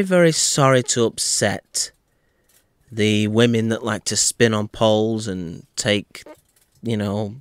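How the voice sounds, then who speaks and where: A man's voice: fairly low pitch, fairly bright tone, smooth, no echo, clean studio sound. A man hosting his own boxing talk channel, giving a casual, wry opinion piece on an upcoming fight, speaking in a put-on accent with playful theatrical asides. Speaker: boxing commentator and channel host.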